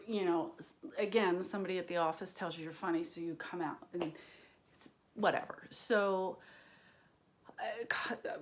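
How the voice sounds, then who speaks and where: A woman's voice: fairly low pitch, slight background noise. This is a woman comedian at home in her kitchen, answering viewers' questions in a loose, meandering way. She talks crudely, fills gaps with ums and uhs, and slips into whispered asides. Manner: rambling and crude, with many fillers and whispered asides. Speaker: stand-up comedian.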